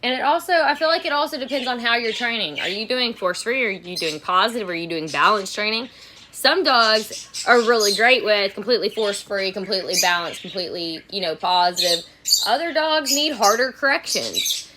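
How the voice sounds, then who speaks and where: A woman's voice: mid-range voice, lively intonation, brisk, noisy background. A woman dog trainer chatting frankly on a home livestream while getting ready, often repeating herself. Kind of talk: casual livestream chat. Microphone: phone or camera at arm's length.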